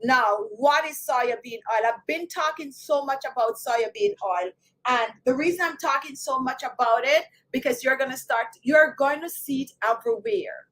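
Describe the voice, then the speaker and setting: A woman with a Jamaican accent talking casually to her viewers, chatty and animated, often speaking to them directly. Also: high-pitched, normal speed, low-quality recording. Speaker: beauty channel host. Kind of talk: casual talk to camera.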